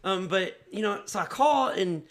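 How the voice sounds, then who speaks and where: A man hosting a casual podcast chat, eager and quick to laugh along. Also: sits high, animated, a crowd in the background. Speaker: podcast host.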